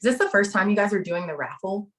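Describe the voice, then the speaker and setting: A woman co-hosting a casual chat, relaxed and easygoing. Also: mid-range voice, quick pace. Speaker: co-host.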